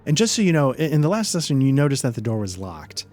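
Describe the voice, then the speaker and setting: A man runs a tabletop game in a middle-pitched voice, wandering through his narration with fillers and restarts. Soft background music plays faintly behind him. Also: sing-song, fast talker. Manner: rambling, hesitant narration with many fillers. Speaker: game master.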